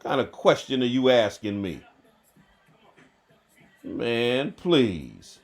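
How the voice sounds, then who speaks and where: A man, a bishop hosting a livestream, talking slowly and emphatically, repeating firm denials and answering viewer comments. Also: mid-range voice, big pitch swings. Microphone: livestream to phone or computer.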